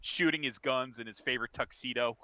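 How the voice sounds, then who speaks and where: A man's voice: mid-range voice, a little fast, bright, forceful tone, a little hiss or hum, low-quality recording. A man co-hosting a casual chat podcast, reasoning aloud in a laid-back way with some swearing. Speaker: podcast co-host.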